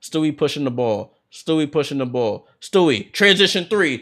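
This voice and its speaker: A man hosting a basketball watchalong, calling the plays as an excited fan with sudden bursts of hype. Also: a little high, normal speed, hardly any pauses. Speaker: watchalong host doing play-by-play. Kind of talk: fan play-by-play commentary.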